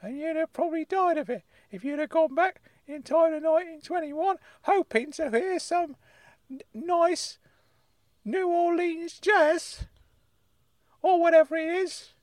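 A man voicing an excitable, easily irked uncle, scolding indignantly in a comedy podcast bit. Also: extremely high pitch, measured pace, dry recording, pitched above the performer's own voice. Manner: indignant, scolding, calls the other mad.

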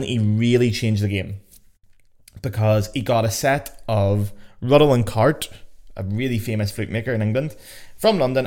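A man's voice: fairly low pitch, a little mellow. A young man with a Belfast accent hosting a casual educational podcast, chatty, joking and swearing freely. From Northern Ireland. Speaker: podcast host. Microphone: podcast mic.

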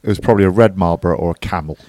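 A man's voice: low voice, racing, mellow, no echo. A man co-hosting a podcast, teasing his friend in casual banter. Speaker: podcast co-host. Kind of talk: casual chat.

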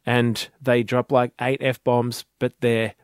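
A man's voice: mid-range voice, flat delivery, slow, clean tone, dry recording, clean studio sound. A man co-hosting a podcast, chatting about songs in a laid-back, joking way. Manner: laid-back, laughs often, blunt asides. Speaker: podcast co-host. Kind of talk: casual music chat.

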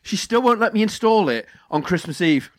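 Excitable, sweary man, dry sound. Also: high voice, moderate pace, no echo. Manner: excitable, swears freely, restarts often. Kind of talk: casual chat.

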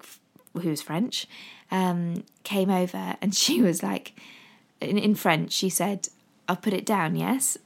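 A woman's voice: mid-range voice, vocal fry, darkish tone. A woman in her thirties with an English accent, chatting casually and rambling with frequent ums as she talks to her viewers. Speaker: vlogger. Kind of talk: casual chat.

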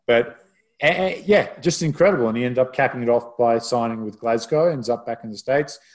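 A man's voice: medium pitch, brisk, darkish tone. Chatty male rugby broadcaster telling stories. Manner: chatty, self-deprecating storyteller. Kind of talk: casual podcast storytelling.

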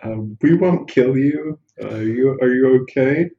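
A man's voice: medium pitch, a little slow. A man playing in a tabletop game, asking questions casually and laughing often. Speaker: player. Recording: roomy, dull lo-fi sound.

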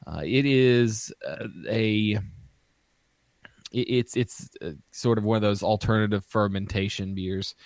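Man, low voice, hesitant casual podcast host, dry close mic. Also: dry recording. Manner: hesitant, many ums and restarts. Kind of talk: casual chat, reading through beer styles.

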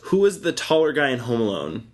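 A man's voice: mid-range voice, wildly swooping pitch, brisk. A young man co-hosting a casual chat, playful and joking, laughing often.

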